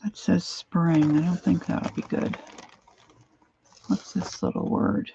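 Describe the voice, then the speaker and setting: Woman crafter, unhurried rambling talk, slightly dull home recording. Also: fairly low pitch, steady tone, vocal fry, dark tone, slight background noise. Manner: rambling, talks to herself while rummaging. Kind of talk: casual crafting chat.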